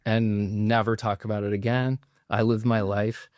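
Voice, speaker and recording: A man's voice: on the low side, level tone, moderate pace, darkish tone, dry recording. A man in his forties, a podcast guest, telling a rambling story with many fillers in casual chat, near tears. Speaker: podcast guest, plastic surgeon.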